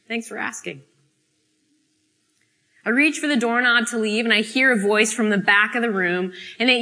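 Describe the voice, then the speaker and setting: A woman delivers a dramatic spoken-word sermon. Her voice is bright and sits fairly high. She tells the story theatrically, with expressive pauses. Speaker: speaker at a student fellowship.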